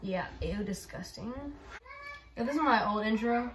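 A woman with a mid-range voice speaks unhurriedly in a casual vlog walking through her phone, chatty and rambling with lots of "like" and "y'all". She's far from the mic, with roomy echo and heavy background noise.

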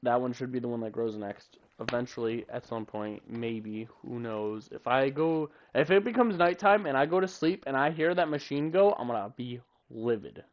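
A man's voice: mid-range voice, normal speed, hardly any pauses, highs cut off. A man live-streaming a game, chatting casually and rambling through jokes as he waits on something in the game. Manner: rambling, joking, self-talking.

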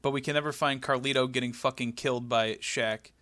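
A man's voice: medium pitch, fairly even intonation, brisk, sharp tone, no room sound. A man co-hosting a podcast in a casual, profane, mock-outraged recap chat. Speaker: podcast co-host.

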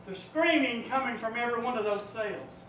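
Man preacher, vivid sermon storytelling, bright tone, distant mic, faint background noise. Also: extremely high pitch, a little fast. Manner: vivid storytelling, rising and dropping to a hush. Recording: echoey room, from far off, faint noise.

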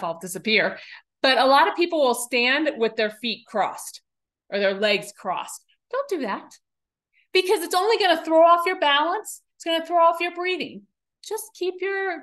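A woman coaching public speaking in a webinar, talking in an enthusiastic, animated and emphatic way. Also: high voice. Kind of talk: webinar presentation.

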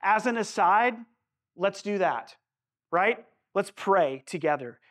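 A man's voice: high-pitched, animated, slow pace, fairly bright tone. A male pastor preaching a sermon in a church sanctuary, earnest and conversational, often turning to the congregation with asides.

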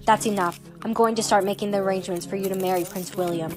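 A woman's voice: mid-range voice, fast talker, natural voice. A synthetic female text-to-speech voice playing a commanding queen mother in a story, with music behind. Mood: stern. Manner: flat synthetic delivery. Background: background music.

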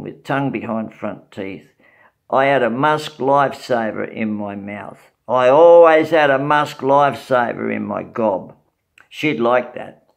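Slow gravelly older Australian man. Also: mid-range voice. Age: 80s. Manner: slow, wry storytelling with fillers and chuckles. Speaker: channel host reading his memoir. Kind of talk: reading a personal memoir aloud.

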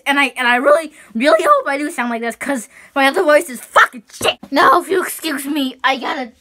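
A woman's voice: high voice, big pitch swings, a little fast, hardly any pauses, bright, forceful tone. A woman hosting her own online show, chatting casually in a rambling, profane way. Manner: rambling and profane, with frequent restarts. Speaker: show host. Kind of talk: casual rambling vlog chat.

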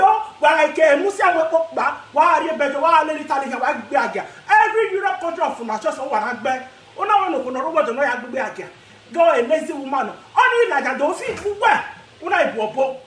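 A Nigerian woman vlogger ranting to camera in a casual, animated way, laughing often and mixing pidgin with her local language. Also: high voice, roomy sound. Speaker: social media vlogger.

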